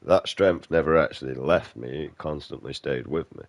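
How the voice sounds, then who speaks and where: Blunt sweary man, game streamer, very deep voice, dry close sound. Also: normal speed, dry recording. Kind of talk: casual gameplay commentary.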